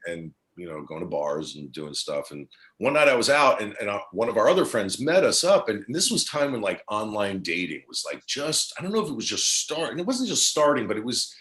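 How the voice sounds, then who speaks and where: A middle-aged man with a lowish voice that swings widely in pitch as he tells a story. He rambles along with plenty of fillers and acts out what each person said. He sounds like a guest talking casually in an interview. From New Jersey. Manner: rambling, animated storyteller who acts out quoted lines.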